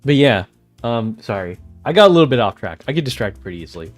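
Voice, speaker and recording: A man chats loosely with his stream audience, drifting from one thought to the next and laughing along the way. His pitch moves around a lot as he talks, and faint music plays behind him. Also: big pitch swings, fast talker. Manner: rambling, easily distracted, laughs often. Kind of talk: casual chat with livestream viewers.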